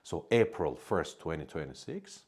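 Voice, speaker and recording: A man teaching English to beginners, patiently saying each word slowly and repeating it for learners to copy. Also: rumbling low, expressive, a little mellow, slightly rough. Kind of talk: slow, step-by-step language lesson.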